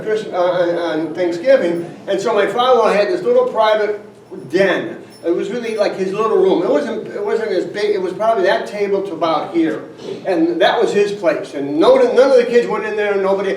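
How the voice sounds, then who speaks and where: An older man tells folksy stories at a company gathering in a fairly high voice, dropping "right?" and chuckling as he goes. He is heard from a distance in a roomy space, with faint ambience behind him. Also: a little mellow, slight background noise. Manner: folksy, anecdotal, frequent "right?" asides and chuckles. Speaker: company founder giving a speech. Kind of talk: storytelling motivational speech. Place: event room at a company trip.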